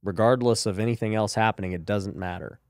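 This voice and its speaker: A man's voice: on the low side, fast, darkish tone, no room sound, studio quality. A man hosting a podcast, talking casually and emphatically about faith and business, peppered with "you know" and "right?". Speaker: podcast host.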